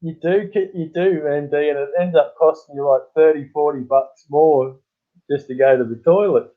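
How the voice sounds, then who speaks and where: A man's voice: fairly high pitch, fairly even intonation, moderate pace. An Australian man hosting a casual livestream. He tells long, rambling stories and chuckles often. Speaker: livestream host. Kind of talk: casual live-stream chat. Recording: tinny phone-like sound.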